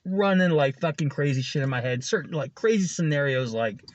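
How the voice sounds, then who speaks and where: This food delivery driver has a slightly high, expressive voice and a brisk pace. He rambles casually through a story, swearing often and chuckling between lines, all captured on a dull lo-fi recording.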